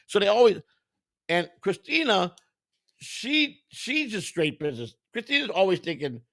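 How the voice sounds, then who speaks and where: A man with a gravelly voice and a fairly high pitch, telling a profane story on a podcast. His delivery is loud and animated. The recording is close and dry. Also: normal speed, no echo. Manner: profane, animated, acts out other people's voices in quotes. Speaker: podcast host. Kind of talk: crude comedic storytelling.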